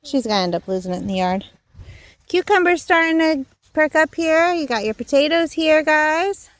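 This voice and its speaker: High, chatty woman touring her garden. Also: animated, moderate pace, no echo. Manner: chatty and rambling, with many fillers and self-corrections. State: a little out of breath. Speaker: home gardener and channel host. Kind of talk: casual walk-through garden tour. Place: outdoor backyard garden.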